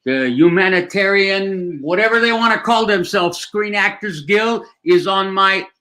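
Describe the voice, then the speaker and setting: A man's voice: high-pitched, measured pace, sharp tone. Older man telling rambling jokey stories. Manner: rambling, joking storyteller. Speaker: actor guest. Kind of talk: casual live chat.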